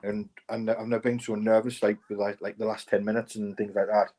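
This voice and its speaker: Scouse bloke, rapid excitable rambling story. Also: male voice, lowish voice. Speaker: podcast co-host. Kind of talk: casual storytelling.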